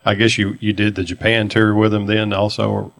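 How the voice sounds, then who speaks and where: Low-voiced male interviewer. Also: little pitch movement, moderate pace, vocal fry. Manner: brief, encouraging replies. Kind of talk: casual interview.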